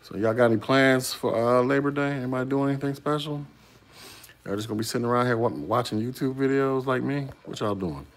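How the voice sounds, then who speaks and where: A man's voice: medium pitch, brisk. A man hosting a casual YouTube talk, answering a viewer's comment with rhetorical questions.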